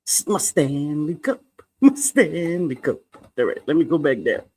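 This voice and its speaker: A middle-aged man with a notably high voice chats casually on a livestream. He talks playfully, laughs a lot and swears lightly as he greets people. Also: lively intonation, measured pace, a little mellow. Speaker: livestream co-host.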